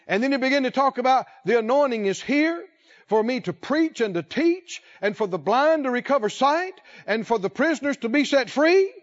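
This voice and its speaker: A man preaching a sermon, speaking slowly and emphatically, drawing out key words and putting questions to the congregation. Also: very high-pitched, expressive, lo-fi sound.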